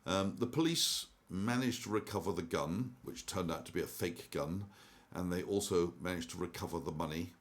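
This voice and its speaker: Brief: older male commentator, very low voice, meandering storyteller, frequent fillers. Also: moderate pace. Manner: rambling, with many ums and restarts. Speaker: investment commentator. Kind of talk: casual monologue.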